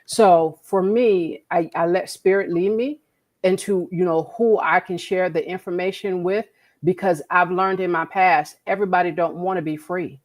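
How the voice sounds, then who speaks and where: A woman's voice: fairly low pitch, steady tone, unhurried, darkish tone. A woman co-hosting a podcast, talking in an earnest, preachy way and repeating words as she makes her point. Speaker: podcast co-host. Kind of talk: casual conversation.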